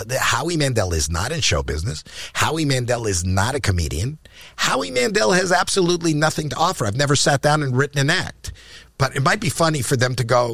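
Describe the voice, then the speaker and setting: An older Canadian man appears as a podcast guest, telling anecdotes in conversation and acting out quoted lines with rising pitch, often repeating and restarting words. He speaks at a moderate pace in a dry, studio-quality recording.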